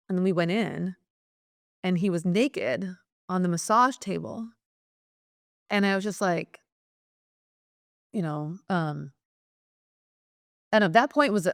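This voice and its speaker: A woman's voice: on the low side, smooth, no room sound, studio quality. A young woman, a guest in an interview, telling a personal story in a hesitant way with many fillers. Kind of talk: personal account in conversation.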